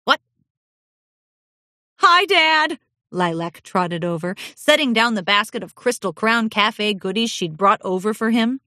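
A woman narrating a children's storybook aloud in an expressive, animated reading style. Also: medium pitch, moderate pace, few pauses, no echo, clean studio sound.

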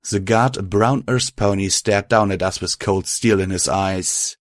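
A man reading a first-person fan fiction story aloud, steady and even. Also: on the low side, a little slow, no echo, clean studio sound. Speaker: narrator.

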